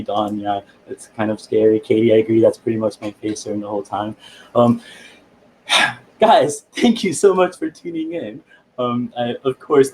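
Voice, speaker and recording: Excitable stammering male animal presenter. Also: medium pitch, a little hiss or hum, poor audio. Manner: excitable, stammering, laughs often. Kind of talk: live educational animal show.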